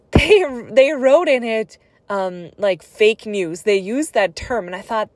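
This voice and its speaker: A woman's voice: medium pitch, expressive, slow pace, a little mellow, dry recording. A woman telling her own life story in a personal vlog, speaking in an earnest, conversational and reflective way.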